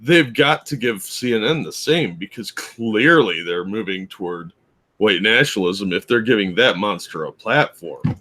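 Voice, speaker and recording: A man's voice: lowish voice, expressive, moderate pace, sharp tone. A man co-hosting a casual political chat, trading dry quips while his voice is starting to give out. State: voice giving out. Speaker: co-host.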